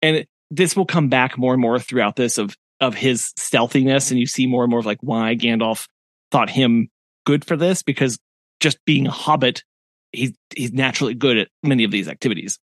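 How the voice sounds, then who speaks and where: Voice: mid-range voice, a little fast, no room sound, studio quality. A podcast co-host chatting casually, laughing often and stammering on restarts. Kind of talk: casual chat.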